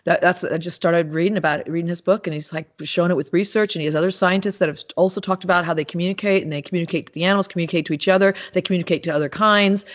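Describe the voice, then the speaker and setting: A woman with a somewhat low voice talks as a podcast guest, rambling through lively anecdotes with plenty of restarts and fillers. The recording sounds muffled and lo-fi. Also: rapid-fire, hardly any pauses. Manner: animated storytelling with many restarts and fillers. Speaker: podcast guest, animal communicator. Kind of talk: casual interview talk. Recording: dull lo-fi sound.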